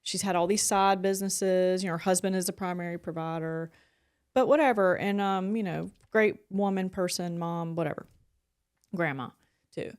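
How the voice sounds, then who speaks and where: A woman's voice: on the low side, steady tone, moderate pace, clear, resonant tone. A woman co-hosts a podcast and talks in loose, casual chat. She tells her stories in a rambling way and fills them with "like" and small restarts. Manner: rambling storyteller, heavy use of "like". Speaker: podcast co-host.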